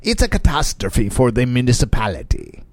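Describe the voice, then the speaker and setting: A man co-hosting a podcast, reading headlines in a goofy way and stumbling over foreign names. His voice is lively and his pitch moves a lot. The sound is close and dry. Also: normal speed, no echo. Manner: goofy, laughs often, mangles foreign words. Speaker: podcast co-host. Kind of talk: casual banter reading news headlines.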